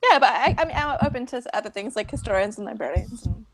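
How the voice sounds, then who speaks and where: A woman playing in a tabletop game, pitching her character idea hesitantly with fillers and laughs. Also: lively intonation, fast. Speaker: player. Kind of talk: casual tabletop game planning.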